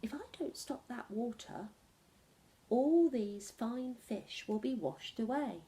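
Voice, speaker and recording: A woman's voice: fairly high pitch, slow pace, dark tone. A woman voicing a giant, greedy male cat in a storybook, matter-of-fact.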